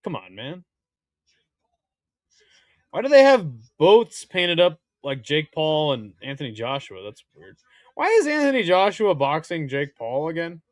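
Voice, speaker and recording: A young man hosting a casual live-stream watch party, crude and excitable, joking with his chat. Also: a little high, measured pace, no echo, studio quality.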